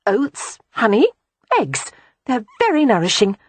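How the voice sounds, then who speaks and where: A woman's voice: on the high side, very animated, measured pace, slightly rough, dry recording, voice pushed up, full character voice. A woman voicing a cheerful, free-spirited young woman who loves animals, in an audiobook.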